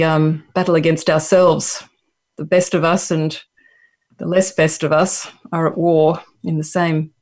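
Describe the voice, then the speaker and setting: A guest author with an Australian accent answers at length. The answers are reflective and halting, with frequent pauses. The voice sits at a middle pitch. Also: darkish tone. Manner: reflective, many fillers and restarts. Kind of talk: radio interview answer.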